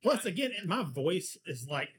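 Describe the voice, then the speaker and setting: A man's voice: fairly high pitch, very animated, unhurried, slight background noise. Easygoing man with a thick Southern accent. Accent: Tennessee Southern. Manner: easygoing, hesitant, lots of fillers. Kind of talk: casual chat.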